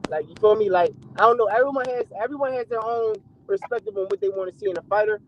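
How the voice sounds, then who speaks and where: A man calling into a show, talking fast and eagerly in slang about a boxer he admires. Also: high-pitched, muffled recording, slight background noise. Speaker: caller. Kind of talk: casual call-in chat.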